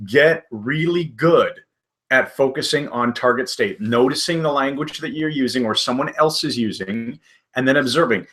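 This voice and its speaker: A man co-hosts a hypnosis training webinar at an ordinary pitch. He talks to the online audience in steady explanations and adds brief agreeing remarks. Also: moderate pace. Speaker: webinar co-host and therapist. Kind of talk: webinar co-hosting.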